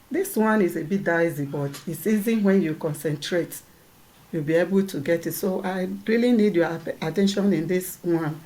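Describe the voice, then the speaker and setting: A woman's voice: fairly low pitch, darkish tone. A woman teaching a lesson, patiently repeating points and checking that her students follow. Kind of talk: classroom lesson.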